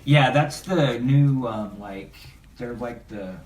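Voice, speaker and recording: A man's voice: mid-range voice, takes it slowly, a little mellow. A man co-hosting a podcast, chatting eagerly about comics in a rambling way with frequent laughs. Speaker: podcast co-host. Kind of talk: casual chat about comics. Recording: roomy, distant mic, faint noise.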